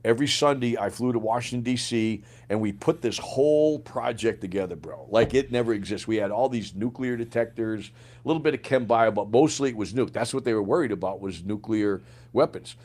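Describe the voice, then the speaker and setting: A man's voice: medium pitch, brisk. Casual, profane middle-aged man telling war stories. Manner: profane, animated, acts out quoted dialogue. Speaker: podcast guest, former Green Beret sergeant major. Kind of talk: casual storytelling.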